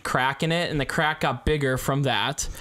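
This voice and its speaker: A man's voice: medium pitch, fairly even intonation, normal speed, bright, forceful tone. A young man co-hosting a podcast, telling a story in casual chat full of slang. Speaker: podcast co-host.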